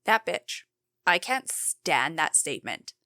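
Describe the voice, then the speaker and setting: A woman's voice: deep voice, very animated, slow pace, pushed and bright, dry recording, studio quality. A woman co-hosting a true-crime podcast, venting in an angry, heated rant with a lot of swearing, her breath shaky with rage. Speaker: podcast co-host. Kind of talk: casual true-crime chat.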